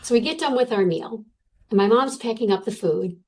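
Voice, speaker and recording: A middle-aged woman guest telling a personal story in a casual, animated way, with many fillers. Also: a little high, fairly quick, rough recording.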